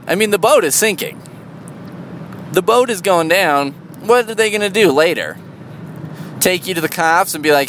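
A man in a casual, rambling monologue, sardonic and full of swearing, jumping into a high, loud voice for emphasis. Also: big pitch swings, normal speed, a little hiss or hum.

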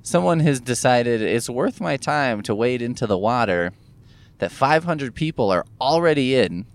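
A man's voice: mid-range voice, lively intonation, moderate pace. A man talking casually to camera in a rambling, musing monologue, sore from recent gum surgery, swearing offhandedly as he thinks aloud. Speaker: vlogger. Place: in a car.

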